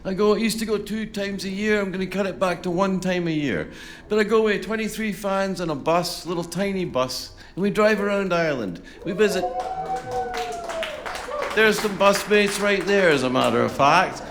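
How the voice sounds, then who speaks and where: A man's voice: sits high, normal speed. Chatty man telling stories on stage. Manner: rambling, self-deprecating storyteller with many fillers. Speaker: folk singer-songwriter. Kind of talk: stage banter at a concert. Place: live concert stage. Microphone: stage microphone. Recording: live concert with faint music behind.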